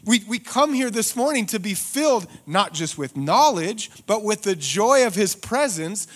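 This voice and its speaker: A pastor preaching a sermon in church, swinging from loud rhetorical questions to hushed, slowed emphasis. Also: male voice, high voice.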